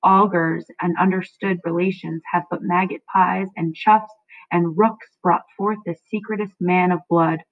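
A woman teacher reading aloud as Macbeth, a haunted and frantic king, slowly and with a raised, louder voice. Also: fairly even intonation. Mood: shaken. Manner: reads the verse slowly, rising in pitch and loudness. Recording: dry, tinny phone-like sound.

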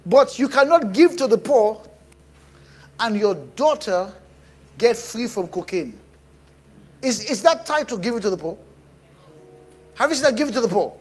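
A man preaching a sermon, animated and bursting into shouts. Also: extremely high pitch, normal speed, pauses often. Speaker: pastor.

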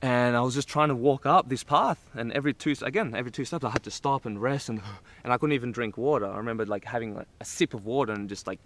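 A man's voice: medium pitch, fast, hardly any pauses, slight background noise. A man telling a long personal story in a casual, rambling way, full of "like"s and laughter. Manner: animated, rambling, many "like"s and laughs. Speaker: vlogger telling a trip story.

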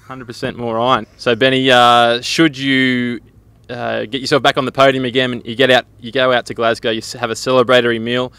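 A man's voice: mid-range voice, flat delivery, fairly quick, sharp tone, clean tone, no room sound. A man hosting a jokey sports interview, full of teasing banter. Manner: teasing, banter-filled questions.

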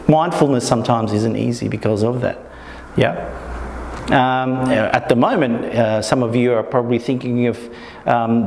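A man talks informally to a small meetup group and acts out the thoughts in people's heads. His voice is mid-pitched. The room gives it a long, echoing reverb. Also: gravelly, darkish tone, a little hiss or hum. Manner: keeps checking in with the audience, acts out inner thoughts. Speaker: workshop presenter.

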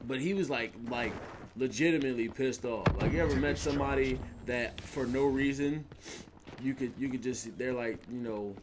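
A young man rambling through a gameplay commentary, animated and slangy, laughing as he tells stories and sounding a bit sniffly. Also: mid-range voice, moderate pace, heavy background noise. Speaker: gaming video host. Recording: gunfire and clicks under voice. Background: in-game gunfire.

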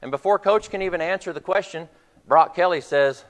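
A man's voice: high-pitched, brisk. Male preacher with a long hall echo. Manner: storytelling, retelling a film scene. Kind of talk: sermon. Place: church hall.

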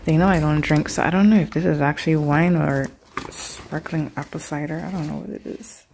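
Young woman vlogger, low gravelly voice, chatty and emotional, phone-recorded with faint noise. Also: fairly even intonation, fairly quick, darkish tone. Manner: chatty and emotional, addresses viewers as y'all. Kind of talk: casual vlog talk to camera. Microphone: phone camera.

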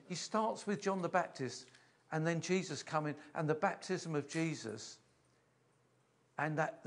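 An older man giving a sermon in a church, emotional and halting, often repeating himself as he restarts sentences. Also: fairly high pitch, vocal fry, fairly bright tone. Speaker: preacher.

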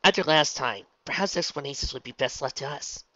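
A man's voice: a little high, brisk, pushed and bright, dry recording. A man voicing an earnest young female unicorn student in a slightly raised voice. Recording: dull lo-fi, dry.

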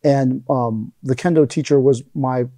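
Speaking a little slowly with fairly even intonation, a middle-aged man shares rambling stories as an interview guest and acts out quoted lines. He teaches aikido, and his mid-range voice has a dark tone in a dry recording.

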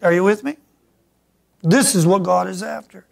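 A middle-aged man from Michigan preaching a sermon as pastor, swinging from quiet asides to loud emphatic peaks. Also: high voice, moderate pace, vocal fry. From Michigan, USA.

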